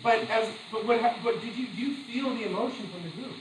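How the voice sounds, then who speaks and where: A man lecturing a class in a slightly high voice, chatty and animated, stopping to tell stories and laugh at them. The room is echoey and a faint hum sits behind him. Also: a little fast. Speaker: teacher.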